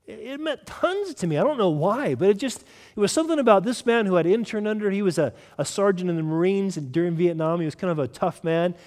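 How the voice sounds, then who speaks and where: A man from Southern California preaching a sermon as pastor, earnest, swinging between loud emphasis and soft, slow asides. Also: high voice, expressive, big-room sound.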